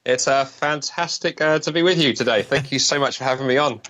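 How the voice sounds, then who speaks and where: A man from London with a British accent, talking as a guest on an interview show, quick and jokey with many restarts. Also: medium pitch. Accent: British English. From London, England. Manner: fast, lively, joking, many restarts. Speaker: guest speaker. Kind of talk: podcast interview.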